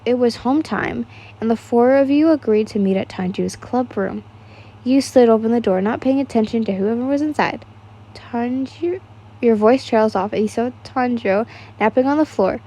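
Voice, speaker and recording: Young woman reading fanfic out loud, kinda high, soft mellow tone, trips over words. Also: moderate pace. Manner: casual, stumbles and laughs at the text. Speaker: fan fiction reader. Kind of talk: reading fan fiction aloud.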